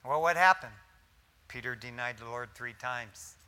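Preaching in a folksy, animated manner, this pastor drops slangy asides and shifts from loud emphasis down to near-whispers. His mid-range voice is smooth and a little slow.

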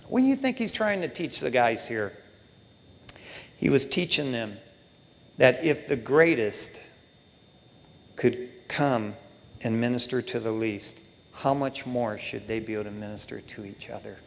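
A man preaching a sermon in a casual, animated way with lots of slang. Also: medium pitch, a little slow, vocal fry, pauses often, in a large hall.

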